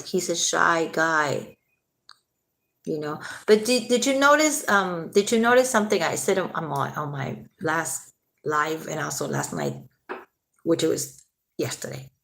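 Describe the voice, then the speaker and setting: A woman's voice: on the low side, gravelly, a bit bright. A woman hosting a casual late-night livestream, chatting with viewers, answering their comments and swearing freely.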